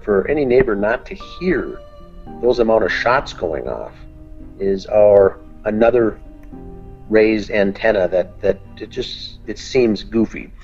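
A man's voice: on the low side, darkish tone, lo-fi sound. A man co-hosting a true-crime podcast, going through facts methodically, point by point. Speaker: podcast co-host, group admin. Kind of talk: detailed discussion.

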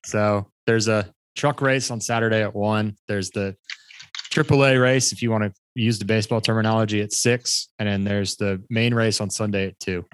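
A man co-hosting a casual podcast, chatting about racing, laughing often and getting animated. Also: lowish voice, moderate pace, clean tone. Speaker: podcast co-host.

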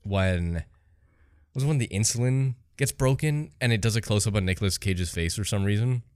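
A man co-hosting a podcast, chatting casually about movies in a mocking, animated way. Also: fairly low pitch, normal speed, clear, resonant tone, dry recording, clean studio sound. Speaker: podcast co-host.

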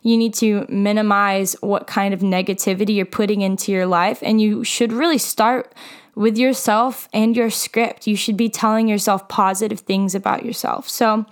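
Her voice is medium-pitched, steady, and clean, at normal speed. This late-teen mental health vlogger speaks to camera with candor and heart about what she's struggling with, peppering her talk with "like."

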